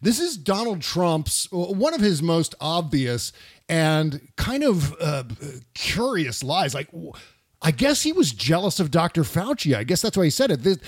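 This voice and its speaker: A male podcast host with a slightly high voice that swings up and down as he riffs sarcastically. He talks into a close studio mic with a dry, dead sound. The delivery is casual and comic. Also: a little slow, husky, dry recording. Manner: sarcastic, riffing, animated. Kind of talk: casual political comedy chat.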